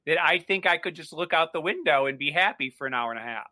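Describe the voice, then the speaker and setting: A man with a very bright, slightly high voice chats as a guest in an easygoing, agreeable way. The sound is dry and close. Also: expressive, fast talker, no room sound. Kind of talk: casual chat.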